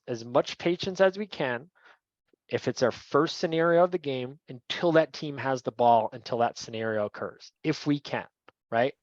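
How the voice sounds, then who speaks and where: A man in a mid-range voice walks trainees through officiating rules like a coach talking to his crew. He keeps it conversational and keeps checking in with "right?". The sound is dull and lo-fi, with no room echo. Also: medium pitch. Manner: conversational, repeats "right?" often. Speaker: referee trainer. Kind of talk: training lecture.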